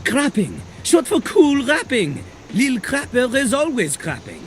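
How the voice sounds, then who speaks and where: A man's voice: extremely high pitch, wildly swooping pitch, measured pace, a little hiss or hum, exaggerated voice. An actor playing a boastful male French rapper who lives as a toilet, rhyming and bragging in a French accent. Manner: boastful, raps and beatboxes in rhyme.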